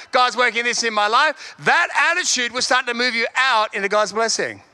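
A man preaching a sermon in a lively way, repeating his key lines and chuckling between points. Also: very high voice, fairly quick, hardly any pauses.

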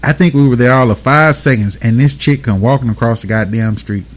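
A man's voice: mid-range voice, brisk. A man, telling rambling, profane stories in casual chat as host. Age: 20s.

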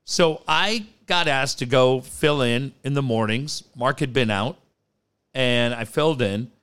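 A man telling radio stories in casual chat, profane and animated. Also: medium pitch, measured pace, smooth. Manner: animated, profane, mimics voices in anecdotes. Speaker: sports radio host.

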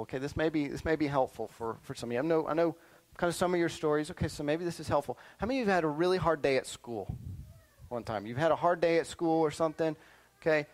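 A middle-aged male pastor preaching a sermon to young listeners, animated and checking in often with "right?" and "okay?". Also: on the high side, low-quality recording. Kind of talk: sermon to children and youth.

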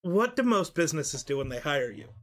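Lively, sarcastic man with a bright, high voice. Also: a little fast. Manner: animated, sarcastic, laughs often. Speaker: podcast co-host. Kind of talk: casual chat.

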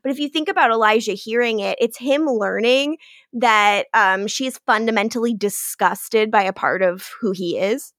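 A woman's voice: on the high side, normal speed, no room sound, studio quality. A woman co-hosting a podcast, casually recapping an episode and acting out lines, swearing now and then. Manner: animated retelling with quoted lines and swearing. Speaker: podcast co-host.

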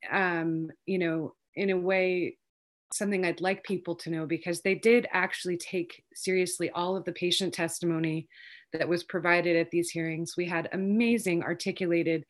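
Fast-talking woman full of fillers. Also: fairly low pitch. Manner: fast, rambling, many fillers. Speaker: lawyer and cannabis advocate. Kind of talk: casual interview storytelling.

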